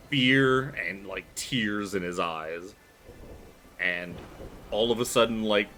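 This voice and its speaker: A man's voice: lowish voice, pushed and bright, a little hiss or hum. A man running a tabletop horror game, narrating loosely with lots of "like" and fillers. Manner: loose, filler-heavy storytelling with frequent "like". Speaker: game master.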